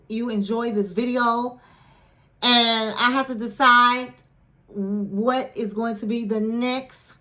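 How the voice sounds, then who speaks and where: A woman with a high, bright voice retells a reality TV episode in a casual, gossipy way, taking her time. She acts out everyone's lines and keeps calling the listener honey. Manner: chatty, animated retelling with quoted voices, says "honey". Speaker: reality TV recap host. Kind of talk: casual recap vlog.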